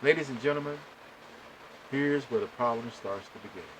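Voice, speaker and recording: Speaking at a moderate pace in a mid-range voice, this podcast host recounts a lengthy story casually, sounding animated and exasperated as he addresses listeners directly. The rough recording carries a little hiss or hum.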